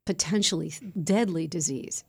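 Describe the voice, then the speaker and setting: A woman hosting a podcast, asking gentle, probing questions in a husky voice. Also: low voice, moderate pace. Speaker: podcast host. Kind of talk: interviewing.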